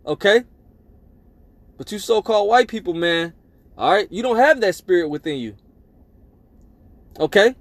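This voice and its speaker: High-voiced emphatic male preacher. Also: lively intonation, normal speed, pauses often, dry recording. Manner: emphatic, tags lines with "man" and "all right?". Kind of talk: scripture-reading sermon.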